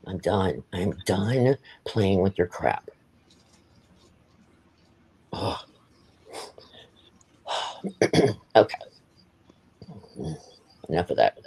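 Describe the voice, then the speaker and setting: A man's voice: low voice, sing-song, drawn-out words, long pauses, a little mellow, breathy edge. A man hosting a livestream, talking in a heated, blunt way, swearing and repeating himself. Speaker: livestream host. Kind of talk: ranting live-stream chat.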